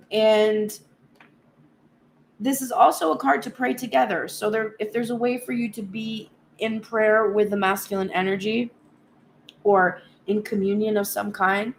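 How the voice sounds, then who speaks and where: A woman giving a casual spoken tarot reading, animated and blunt, swearing freely and acting out pleading voices. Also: medium pitch, a little hiss or hum. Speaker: tarot reader.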